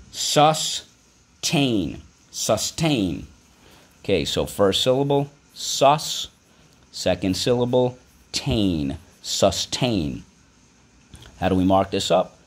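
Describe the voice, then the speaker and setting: A male teacher giving a patient vocabulary lesson for children, spelling words out and asking the class to repeat them. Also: fairly low pitch.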